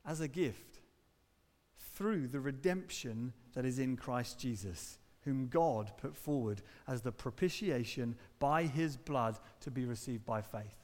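A man's voice: mid-range voice, unhurried, darkish tone. A man preaching a sermon in a church, earnest and emphatic, with touches of dry humour. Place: church hall. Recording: reverberant church hall.

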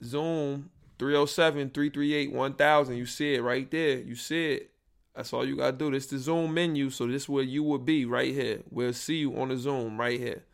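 A young man talks casually and rambles through his podcast, full of slang and asides. His voice has a gravelly, creaky texture at a middle pitch. He is recorded on a built-in computer microphone. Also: steady tone, normal speed. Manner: rambling, troubleshooting audio live, slangy. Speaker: podcast host. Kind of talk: casual solo podcast chat.

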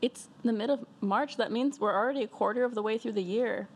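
A young woman co-hosting a casual podcast from an apartment, relaxed and profane, talking while high. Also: a little fast. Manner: laid-back, giggly, profane. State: high from smoking. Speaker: podcast co-host. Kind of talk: casual chat. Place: apartment in Chicago.

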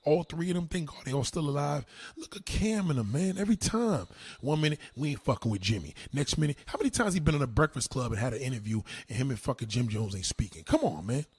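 A man on a livestream fires back at his chat, loud and mocking, his fairly high voice leaping around with every jab. His tone is slightly husky and the sound is dry and close, with no room around it. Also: expressive, quick pace, dry recording. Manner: loud, combative, profane, mocking. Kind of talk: live-stream rant.

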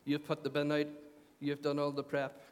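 A man's voice: fairly high pitch, monotone, moderate pace, smooth. A man preaching a sermon as pastor, conversational, repeating phrases and asking the congregation questions. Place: church hall. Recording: long church hall reverb.

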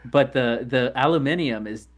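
A man with a mid-pitched, everyday voice co-hosting a casual podcast chat. He needles his partner with wry, teasing questions. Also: normal speed. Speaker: podcast co-host.

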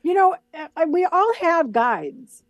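A middle-aged woman chatting casually as a guest, lively, often acting out little voices as she tells her stories. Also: extremely high pitch, takes it slowly, no room sound, lo-fi sound. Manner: animated, acts out voices of her guides. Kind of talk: casual conversation.

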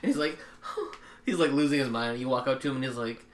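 A young man in casual chat, telling excitable, profane stories about video games. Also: medium pitch, fairly quick.

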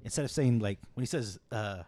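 A man's voice: lowish voice, a little fast, dark tone, dry recording. A man co-hosting a casual podcast, easygoing and a bit hesitant, laughing often. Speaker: podcast co-host.

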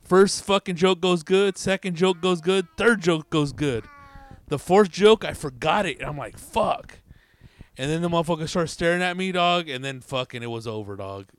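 A man's voice: a little high, normal speed, no echo. A man, a comedian telling a story in profane, slangy casual chat. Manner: slangy, profane, animated, says dude and bro. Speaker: stand-up comedian, guest.

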